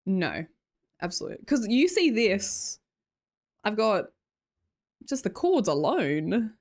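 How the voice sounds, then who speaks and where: A woman's voice: mid-range voice, wildly swooping pitch, slow pace, long pauses, darkish tone. An Australian woman chatting casually and rambling with her live viewers from her home streaming room, laughing often. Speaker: livestreamer.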